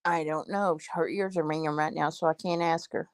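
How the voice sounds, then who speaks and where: A woman's voice: low-pitched, steady tone, moderate pace, no echo. A woman co-hosting a casual chat, talking in a blunt, chatty way.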